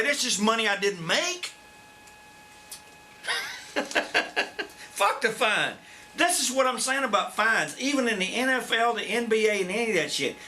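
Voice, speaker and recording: Profane animated older wrestler, high voice. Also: male voice. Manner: blunt, profane, animated storyteller. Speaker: interview guest, former wrestler. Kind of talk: profane shoot interview storytelling. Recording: faint background noise.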